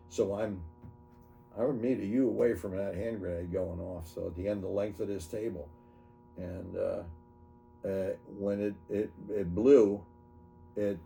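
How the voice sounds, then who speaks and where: Gravelly old man telling war stories. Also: fairly low pitch, warm tone. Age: 70s. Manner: halting, self-correcting storytelling. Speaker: army veteran interviewee. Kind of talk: oral history interview.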